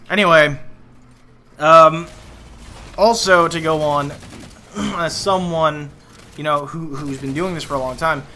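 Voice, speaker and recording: A male voice actor rambles through a casual vlog commentary, his tone very bright and sharp. His pitch sits a little high, and he piles on fillers as he airs his complaints bluntly.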